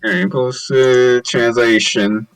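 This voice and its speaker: A man's voice: mid-range voice, steady tone, unhurried, smooth. A man playing a character in a tabletop game, talking in a casual, joking way. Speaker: player. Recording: distant from the mic, faint music.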